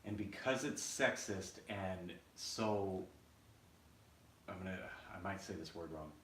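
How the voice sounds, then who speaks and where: A man's voice: low voice, slow, a bit bright. A man co-hosting a podcast, talking in a casual, blunt, opinionated way and swearing freely. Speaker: podcast co-host. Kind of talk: casual chat. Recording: roomy echo, distant mic, faint noise.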